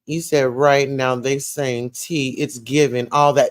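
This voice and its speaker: A woman from Atlanta with a Southern accent, hosting a livestream, reading comments and dishing gossip in a sassy, animated way. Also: a bass voice, slow, hardly any pauses. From Atlanta, USA. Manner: sassy, animated, calls listeners child and baby.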